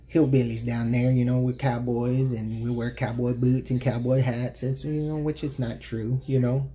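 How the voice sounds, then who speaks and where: A man's voice: medium pitch, warm tone. A man from Texas casually telling rambling personal stories on his channel, with many "you know" fillers. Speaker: YouTube storyteller. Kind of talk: casual anecdotal storytelling.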